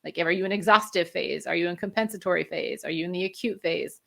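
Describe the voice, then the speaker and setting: Brief: woman guest expert, bright, lively explainer, laughs easily. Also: on the low side, quick pace, vocal fry. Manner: energetic, explanatory, laughs often. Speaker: functional medicine practitioner, guest. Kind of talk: interview conversation.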